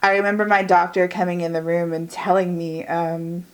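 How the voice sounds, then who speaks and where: A woman's voice: on the low side, little pitch movement, normal speed. A woman in her forties, vlogging a chatty get-ready-with-me while doing her makeup at home, talking in a candid, rambling way that drawls and trails off. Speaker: beauty vlogger.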